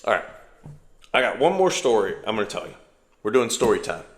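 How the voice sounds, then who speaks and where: A man's voice: on the low side, big pitch swings, a little fast. Rambling male podcast storyteller, echoey room. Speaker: podcast co-host. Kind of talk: casual storytelling chat.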